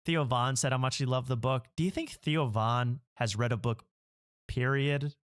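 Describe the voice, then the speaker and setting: A man hosts a late-night comedy show in a loose, mocking way. He laughs often between jokes and talks at an ordinary pitch. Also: moderate pace, clear, resonant tone. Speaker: host. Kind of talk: casual comedic chat.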